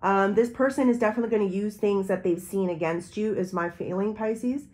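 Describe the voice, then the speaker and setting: A woman's voice: medium pitch, brisk, darkish tone. Woman tarot reader, loose intuitive monologue addressed to the viewer.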